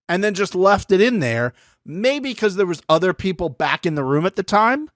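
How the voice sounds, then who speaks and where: A man's voice: high voice, expressive, moderate pace, a bit bright, no room sound, studio quality. A man co-hosting a podcast, chatting casually about a reality TV episode and joking as he acts out quotes in mock voices. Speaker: podcast co-host. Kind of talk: casual reality TV recap chat.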